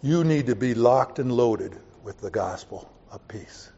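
A man preaching a sermon to his congregation in a folksy way, swinging from loud emphatic points to quiet offhand asides. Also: mid-range voice, animated, a little slow, gravelly, husky, dull audio. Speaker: pastor.

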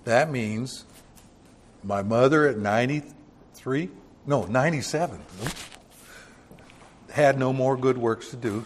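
A man's voice: mid-range voice, slow, pauses often, slight background noise. An older man preaching a Bible-teaching sermon in a church, talking conversationally and asking the congregation rhetorical questions. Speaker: pastor.

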